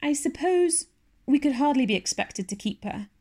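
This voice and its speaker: Meek old farmer, mild and stammering, gravelly and soft-toned, read by a woman. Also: high-pitched, expressive, normal speed, voice pushed up. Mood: hesitant. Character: shy, gentle, soft-spoken older farmer man.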